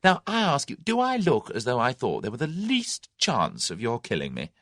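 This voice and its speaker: A man's voice: mid-range voice, wildly swooping pitch, normal speed, a bit bright, no room sound, studio quality, voice pushed up, exaggerated voice. A man voicing a confident young Englishman who bluffs his captors with breezy scorn, in an audiobook.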